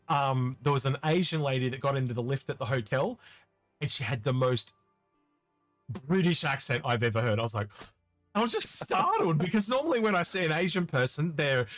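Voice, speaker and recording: A man's voice: mid-range voice, expressive, a little fast, no echo, soft background music. A man with a Tasmanian Australian accent co-hosting a live question-and-answer stream, chatting casually, rambling and repeating words as he restarts his sentences. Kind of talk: casual chat.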